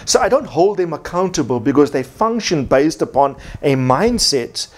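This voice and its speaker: A man's voice: on the high side, sing-song, moderate pace. A man preaching a sermon as pastor, from South Africa, emphatic and repeating his key points.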